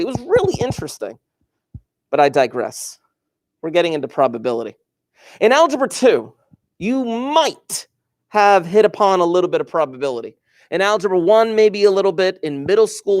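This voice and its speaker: Middle-aged male teacher, rambling and upbeat, somewhat high-pitched, lecturing a class. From New Jersey. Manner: chatty, enthusiastic, wandering asides. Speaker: high school math teacher.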